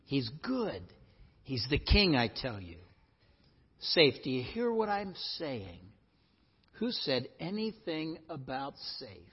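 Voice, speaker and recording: A man reading aloud as a gruff, insistent male beaver who speaks emphatically, recorded in an echoey hall with dull, lo-fi sound. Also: medium pitch, huge pitch swings, takes it slowly, exaggerated voice.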